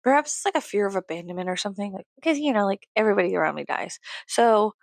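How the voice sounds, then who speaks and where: A woman's voice: medium pitch, animated, fast, gravelly, no room sound. A young woman rambling in a casual vlog, swearing and laughing often, close to her mic. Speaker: YouTuber.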